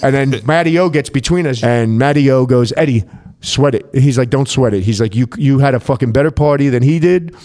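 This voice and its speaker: A man's voice: mid-range voice, a little fast, hardly any pauses. A man, a DJ, telling backstage stories in casual chat, swearing freely and acting out what others said. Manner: profane, animated, acts out quotes.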